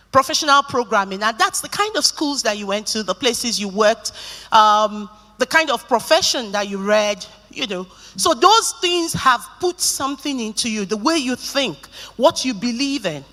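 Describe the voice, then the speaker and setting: A middle-aged Nigerian woman giving a keynote talk, telling stories and joking with the audience. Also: on the high side. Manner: lively storytelling, joking with the audience. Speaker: conference speaker. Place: conference hall. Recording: reverberant conference hall.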